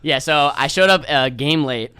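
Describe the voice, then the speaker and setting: A man's voice: a little high, moderate pace, bright, forceful tone, clear, resonant tone, no echo. A young man from New York, a podcast guest telling rambling, laid-back stories and swearing freely. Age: young adult. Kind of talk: casual storytelling chat.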